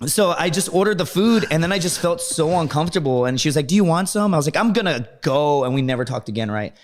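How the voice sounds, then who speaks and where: Fast-talking profane storyteller man. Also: on the high side, expressive. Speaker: guest. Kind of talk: casual storytelling.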